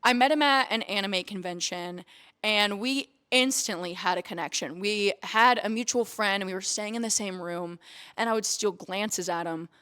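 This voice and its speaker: A young woman streamer and vlogger tells a candid, emotional story on her vlog, close to tears and swearing casually. Her mid-range voice is sharp and clean in tone, at normal speed.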